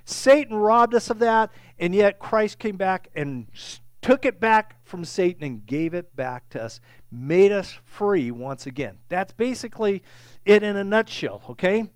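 A man's voice: sits high, expressive, unhurried, smooth, no room sound. A man preaching a sermon, teaching in a conversational way with frequent "okay?" check-ins, and growing emphatic and raised when he stresses a point. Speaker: pastor.

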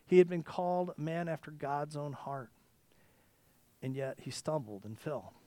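A man preaching a sermon, reading scripture aloud and speaking straight to the congregation, moving from impassioned cries to hushed near-whispers. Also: on the high side, lively intonation, measured pace.

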